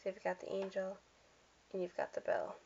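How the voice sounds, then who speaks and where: A woman's voice: medium pitch, moderate pace, vocal fry, a little mellow, a little hiss or hum. A woman casually walking through a catalog of holiday items, chatty and gushing, with fillers and little slips. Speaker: vlogger showing catalog items. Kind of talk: casual product walkthrough. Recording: dull lo-fi sound.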